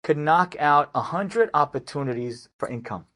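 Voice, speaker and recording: A man voicing a patient husband who gently explains why he kept silent. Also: on the high side, expressive, normal speed. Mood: gentle. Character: calm patient husband in debt.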